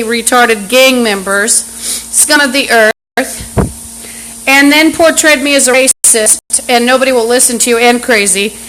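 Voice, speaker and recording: A woman's voice: high-pitched, fairly bright tone, poor audio. A woman talking into a phone on a live stream at home, in an agitated, rambling monologue full of restarts. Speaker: livestreamer. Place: apartment indoors. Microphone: phone camera app. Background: fan and running water.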